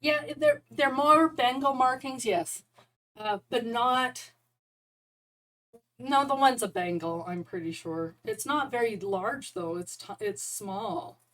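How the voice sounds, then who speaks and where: A woman's voice: on the high side, takes it slowly, fairly bright tone, poor audio. A woman chatting casually and rambling, often breaking into laughter. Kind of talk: casual chat about neighborhood cats.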